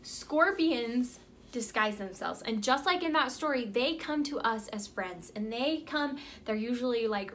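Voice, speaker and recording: A young woman life coach talks straight to camera in a motivational vlog. Her voice is high and bright, and she keeps it upbeat and chatty, peppered with "like" and "right?". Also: a little hiss or hum.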